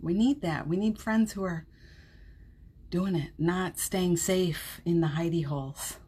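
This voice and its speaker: A woman hosting a live-streamed motivational podcast from home, chatting warmly, laughing often and reading viewer comments aloud. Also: on the low side, a little slow, husky. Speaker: podcast host. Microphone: streaming setup at home.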